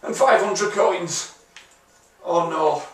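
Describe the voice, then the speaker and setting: A young man commentating a game pack opening, excitable and sweary, yelling and groaning at each result. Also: sits high, extremely slow, far from the mic. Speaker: gaming YouTuber. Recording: roomy echo, voice a bit off-mic, faint music.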